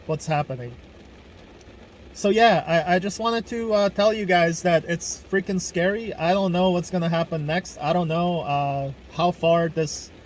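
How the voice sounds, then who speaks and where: A man's voice: high voice, a little hiss or hum. A young man from Ukraine hosting a casual video podcast, ranting angrily with lots of swearing and fillers. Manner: angry, profane ranting with fillers. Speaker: podcast host.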